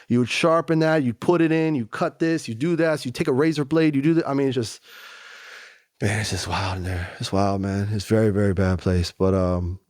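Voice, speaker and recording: A man telling his story in a candid, animated conversational way, often slipping in "you know" and "man". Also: medium pitch, fairly quick, dry recording, clean studio sound. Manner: animated, acts out other voices, frequent "you know" and "man". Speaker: guest.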